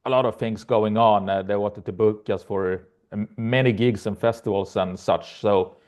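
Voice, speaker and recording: A man, a band's guitarist and lead singer, answering interview questions in English with many pauses. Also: lowish voice, fairly even intonation, a little mellow. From Sweden.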